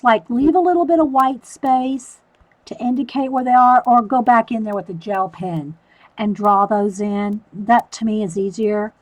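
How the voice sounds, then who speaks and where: A woman's voice: on the high side, poor audio. A woman hosting a live stream, chatting casually through a coloring demo and answering viewer comments.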